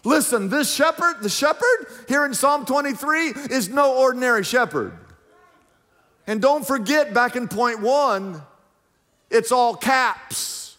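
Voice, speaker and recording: A man's voice: extremely high pitch, animated, slow, pushed and bright, big-room sound. A man preaching a sermon in a church, emphatic and questioning the congregation directly. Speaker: pastor. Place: church sanctuary.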